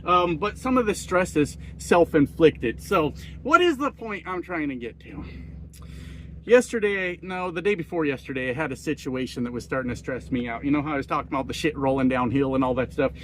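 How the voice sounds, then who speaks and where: A man's voice: fairly high pitch, animated, fairly quick, a little hiss or hum. A middle-aged man, a truck driver, telling stories in a rambling, profane, casual way. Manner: profane, rambling, acts out quoted people in a raised voice. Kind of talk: casual storytelling monologue.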